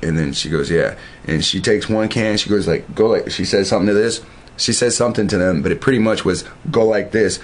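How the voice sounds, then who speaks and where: A man's voice: lowish voice, brisk. A man telling a long, loose story in casual, profane everyday talk, full of restarts and asides.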